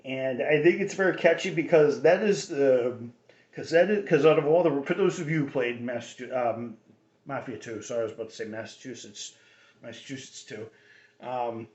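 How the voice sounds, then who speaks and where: A man's voice: mid-range voice, moderate pace, a little mellow. Guy rambling on his own little radio show, lots of restarts, echoey room, kinda dull lo-fi sound. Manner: rambling, many restarts and fillers. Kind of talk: casual rambling monologue. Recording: roomy dull lo-fi recording.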